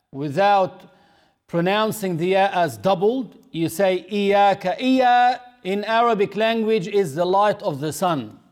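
A man teaching a religious lesson, speaking deliberately and repeating key phrases for emphasis. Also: sits high. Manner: demonstrates pronunciation of recited phrases.

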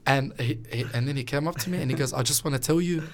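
A man's voice: medium pitch, fast. Earnest man telling religious stories. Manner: earnest, animated storytelling with quoted voices. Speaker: religious teacher. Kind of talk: casual religious chat.

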